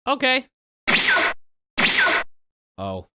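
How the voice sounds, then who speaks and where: A man's voice: very high-pitched, wildly swooping pitch, very slow, heavy background noise. A man hosting a reaction video in casual commentary, exasperated and swearing, with sarcastic asides.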